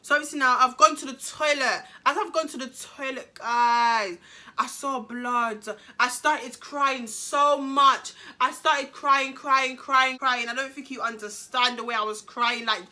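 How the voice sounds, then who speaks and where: Young woman, vlogger telling a story, dramatic and slangy, voice sits high and sounds very bright. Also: steady tone, measured pace. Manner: dramatic, slangy, repeats phrases for emphasis. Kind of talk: storytime monologue to camera.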